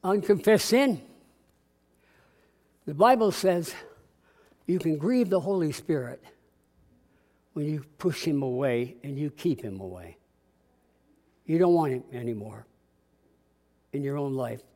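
Male pastor, higher-pitched voice, folksy call-and-response sermon in a church. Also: expressive, unhurried, long pauses, darkish tone. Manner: conversational preaching with call-and-response, acting out dialogue. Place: church sanctuary.

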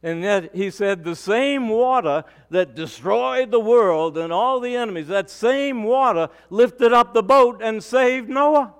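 A male pastor delivering a sermon, preaching with emphatic rises and sudden quiet drops. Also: high voice, a little slow, hardly any pauses, smooth.

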